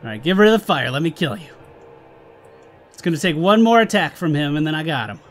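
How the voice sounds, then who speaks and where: A man's voice: fairly high pitch, very animated, fast talker. A man giving casual gameplay commentary on a let's play, swearing and exasperated, talking back at the game.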